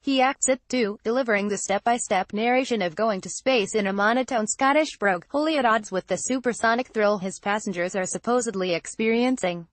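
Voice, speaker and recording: A woman reading a news feature in a measured, scripted narration, reading quoted lines in the same even voice. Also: a little high, no echo. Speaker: news reader.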